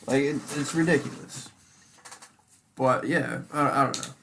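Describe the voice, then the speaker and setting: Young male co-host, gravelly voice, heated profane rants, faint background hiss. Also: mid-range voice, fairly even intonation, a little slow, fairly bright tone. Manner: heated, profane ranting with many fillers. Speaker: podcast co-host. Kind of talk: casual chat.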